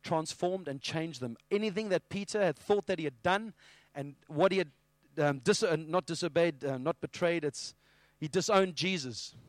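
A man preaching a sermon with animated storytelling. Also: a little high, moderate pace, few pauses, dry recording. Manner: animated storytelling, acting out scenes.

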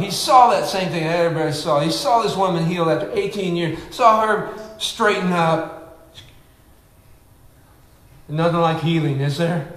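A man preaching a sermon with excitable energy, swinging from shouting to quiet asides. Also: a little high. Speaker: pastor. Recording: echoey room.

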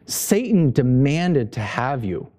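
A preacher putting on a calm, solemn male teacher who speaks slowly in a low, grave voice. The tone is warm and mellow, gentle even in warning.

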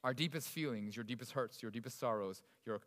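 A man preaching a sermon in an expressive, conversational way, swinging between loud emphasis and quiet asides. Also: medium pitch, brisk. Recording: long reverb of a large hall.

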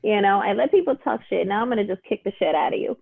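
A woman's voice: medium pitch, lively intonation, fast talker, vocal fry, breathy edge, no echo. A woman co-hosting a casual book chat, laughing and exasperated. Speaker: book club podcast co-host. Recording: tinny phone-like line.

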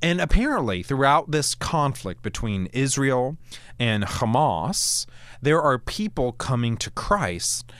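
A man hosting a Christian talk show, speaking in a conversational, animated way with frequent restarts. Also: mid-range voice, takes it slowly, no room sound. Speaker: podcast host. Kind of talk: casual Christian commentary.

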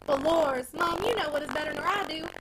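A woman voicing a cheeky country packman who flatters in rustic dialect. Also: high voice, fairly quick, background noise, close to an everyday voice. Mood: flattering. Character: sly flattering rural packman, cheeky young man.

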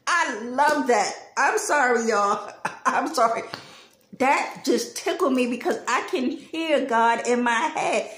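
Woman, slow chatty Bible teacher who laughs and acts out lines sassily; echoey room. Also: sits high, expressive, fairly bright tone. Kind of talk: casual Bible study talk.

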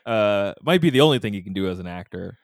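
A man co-hosting a podcast, chatting casually and acting out quotes in a mock high whiny voice. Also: lively intonation, quick pace, no echo, clean studio sound. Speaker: podcast co-host.

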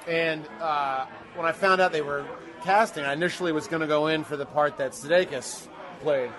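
A man's voice: a little high, moderate pace, crowd noise. A man in his thirties, a guest actor telling rambling, self-deprecating stories in a casual interview.

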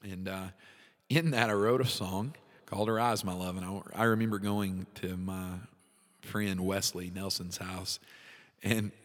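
A man's voice: low-pitched, steady tone, measured pace, a bit bright, in a large hall. A man hosting a devotional talk, speaking casually and from the heart, laughing often as he shares his faith. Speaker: podcast host, worship leader.

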